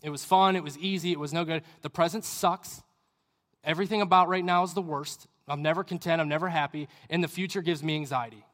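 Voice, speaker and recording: A man's voice: a little high, fairly even intonation, a little fast, fairly bright tone. A young adult man giving a sermon in a church hall, earnest and conversational, with rambling asides. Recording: reverberant hall.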